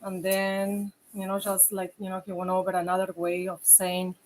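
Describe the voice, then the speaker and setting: A woman's voice: medium pitch, monotone, normal speed. Woman co-host with faint background noise. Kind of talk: show introduction and casual chat.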